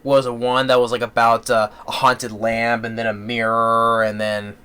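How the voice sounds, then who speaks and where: A man's voice: medium pitch, little pitch movement, moderate pace, pushed and bright, clear, resonant tone. A man giving a casual spoken movie review, rambling with many fillers and restarts.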